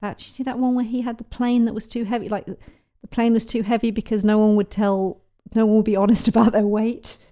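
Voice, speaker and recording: A woman's voice: on the high side, little pitch movement, a little fast, few pauses, warm tone. A woman comedy writer, a podcast guest, chatting casually with trailing restarts.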